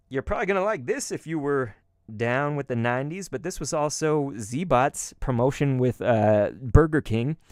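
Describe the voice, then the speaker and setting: Rambling, lively-voiced male card-opening host. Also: medium pitch, no echo, studio quality. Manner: rambling and nostalgic, with many fillers and asides to viewers. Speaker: YouTube host opening collectible cards. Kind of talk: casual chat.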